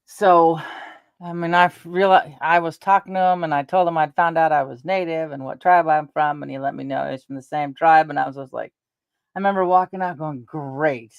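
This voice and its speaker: A woman's voice: low voice, fairly even intonation, fairly quick, vocal fry, clear, resonant tone, no room sound, highs cut off. A middle-aged woman chatting casually to her viewers, rambling through personal stories and laughing along the way. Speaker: vlogger.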